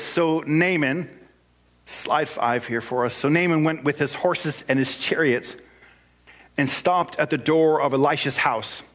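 A man's voice: fairly high pitch, fairly bright tone. A man preaching a sermon, telling the story in a playful, conversational way.

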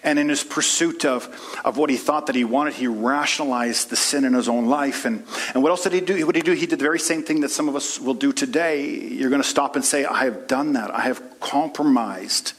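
A man preaching a sermon as pastor, rising into impassioned prayerful peaks and dropping to soft asides, calling the congregation honey and friends. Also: fairly quick, breathy edge. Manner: impassioned preaching, swings from low and soft to high and loud.

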